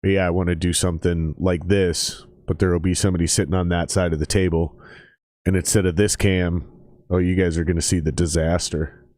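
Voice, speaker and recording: A man with a lowish voice talks loosely into a dry, close mic, swearing and joking with viewers of his stream. He breaks into excited play-by-play calls as the game unfolds. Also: a little fast, no room sound. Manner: profane, loose and excitable, jumps to loud play-by-play. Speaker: streamer watching football. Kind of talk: casual live-stream watch-along chat. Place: table at home.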